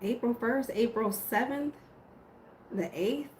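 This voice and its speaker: A woman's voice: on the high side, slow, reverberant, a little hiss or hum, rough recording. A woman giving a casual tarot reading to camera, swearing freely and correcting herself as she goes. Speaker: tarot reader.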